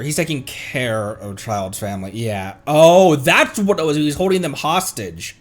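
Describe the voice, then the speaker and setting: A man giving casual livestream reaction commentary, rambling and hesitant with many restarts and bursts of excitement. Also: mid-range voice, moderate pace, hardly any pauses. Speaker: streamer.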